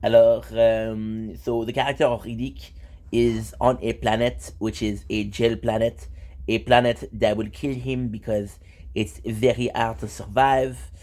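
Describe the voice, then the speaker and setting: A man voicing a chatty male movie reviewer with a put-on French accent, halting with many fillers. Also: medium pitch, flat delivery, a little mellow, natural voice. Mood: mock-formal.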